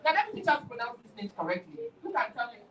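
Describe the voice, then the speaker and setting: A woman's voice: on the high side, very animated, rapid-fire, fairly bright tone, far from the mic, low-quality recording. A woman teaching pronunciation to a class, correcting and repeating words one by one. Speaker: diction teacher.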